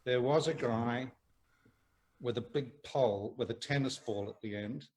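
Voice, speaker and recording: A man's voice: medium pitch, unhurried, darkish tone, slight background noise, low-quality recording. A man with a New Zealand accent, telling a rambling anecdote as a talk-show guest over a video call and laughing as he goes. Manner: rambling storyteller, laughs often, many restarts. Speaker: guest actor.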